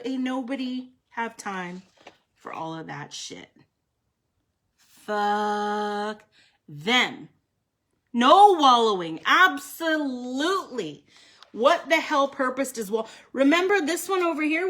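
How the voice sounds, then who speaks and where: A woman's voice: high-pitched, a bit bright. Woman, live tarot reader; blunt, swearing, chatty with her viewers. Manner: blunt, profane, emphatic; chatty, addresses viewers by name.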